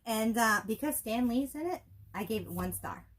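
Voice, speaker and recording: A woman's voice: a little high, lively intonation, normal speed. A woman co-hosting a casual movie review show, with wry, dry joking asides. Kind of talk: casual chat.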